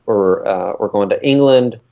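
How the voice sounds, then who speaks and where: In a low voice and at a moderate pace, an excitable podcast co-host rambles through a casual chat, filling it with "uh"s. The sound is dull and lo-fi.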